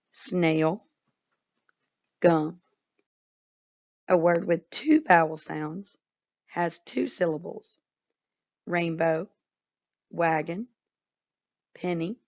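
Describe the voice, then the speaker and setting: Slow, gravelly woman teaching phonics. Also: on the low side, muffled recording. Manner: patient, instructive, drawn-out words. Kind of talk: slow phonics lesson for children.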